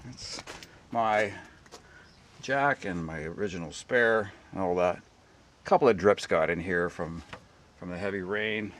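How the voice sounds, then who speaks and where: Low-voiced folksy man fixing his car. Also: a little slow, pauses often, fairly bright tone, slight background noise. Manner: rambling, folksy and self-deprecating. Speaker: DIY car repair vlogger. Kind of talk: casual how-to talk while working. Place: outdoors beside a jacked-up car.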